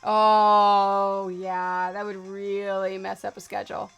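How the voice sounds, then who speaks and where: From her home sewing studio, a woman whose accent mixes American and Canadian chats loosely on her quilting live stream, jumping around and talking to chat and her dogs as she works. Her medium-pitched voice is slow, flat in pitch, gravelly yet clear and resonant, over soft background music.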